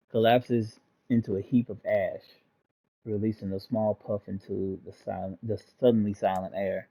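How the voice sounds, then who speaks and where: A man's voice: fairly low pitch, level tone, fairly quick, creaky, dark tone. A man hosting a gaming channel, reading the story text aloud and breaking in with casual jokes. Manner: reads aloud, breaks off to joke and laugh.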